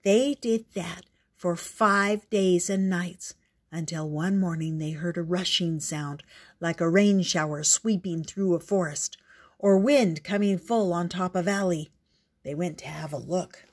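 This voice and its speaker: A woman reading a picture book aloud in a gentle, unhurried storyteller's way. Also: lowish voice.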